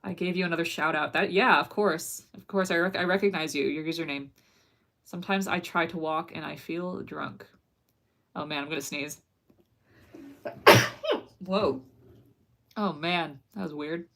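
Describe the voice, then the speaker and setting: A woman whose voice is slightly lower than average chats at normal speed on a livestream as an animator. Bubbly and giggly, she reads her viewers' questions aloud and answers them in a relaxed, casual way.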